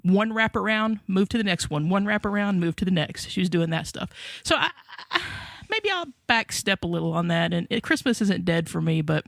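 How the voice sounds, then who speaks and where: Brief: gravelly-voiced podcast co-host, man, high for a man, rambling and profane. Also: lively intonation, a little fast, fairly bright tone, no echo, studio quality. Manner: rambling storyteller, swears freely. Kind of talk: casual chat.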